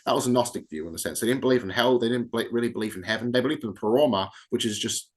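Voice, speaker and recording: Male podcast guest, quick loose delivery, casual conversational tone. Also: medium pitch, darkish tone. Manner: fast, loose talk, often adds "in a sense".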